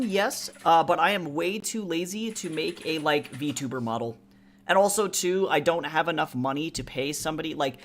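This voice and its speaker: Streamer, casual live chat while drawing, rambling, many fillers, reads chat aloud, sudden loud high jokey bursts. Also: slight background noise. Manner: jumps into much higher, louder bursts when joking. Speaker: streamer and artist.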